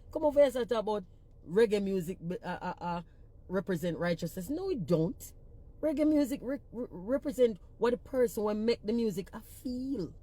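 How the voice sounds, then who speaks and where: A woman's voice: a little high, mellow. A woman with a thick Jamaican Patois accent, a singer-songwriter ranting bluntly and with profanity in a casual social media talk.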